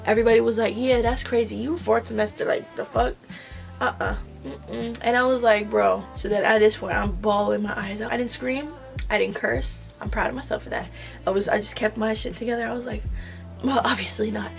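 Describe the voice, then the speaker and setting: A young woman telling an animated storytime about nursing school, swearing and acting out the dialogue. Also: medium pitch, brisk, vocal fry, soft background music. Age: young adult. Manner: animated retelling, swearing, slang-heavy. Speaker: vlogger. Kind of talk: storytime vlog.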